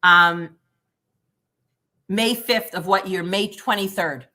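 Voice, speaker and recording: A woman's voice: medium pitch, takes it slowly. A middle-aged woman, a former prosecutor, speaking as a guest in a livestream interview, telling stories bluntly and emphatically. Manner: blunt, emphatic, animated retelling with quoted dialogue.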